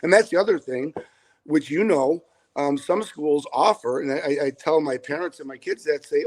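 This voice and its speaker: Speaking at a normal speed with a darkish tone, this middle-aged man, a high school football head coach, takes interview questions on a video call. He rambles earnestly through frequent restarts, and the recording is rough.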